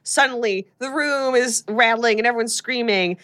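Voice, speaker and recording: A woman hosting a casual podcast chat, retelling a horror movie plot with animated storytelling and acted-out lines. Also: on the high side, moderate pace. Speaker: podcast host recapping a film.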